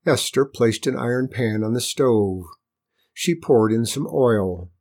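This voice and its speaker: A man reading a children's storybook aloud with expressive, lilting narration. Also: mid-range voice, slow.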